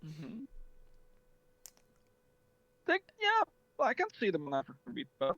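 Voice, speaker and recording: High, lively male esports caster. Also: measured pace, dry recording. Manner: chatty, reads out viewer chat. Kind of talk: casual game commentary. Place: home setup on an online voice call. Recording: dull, dry voice-chat audio.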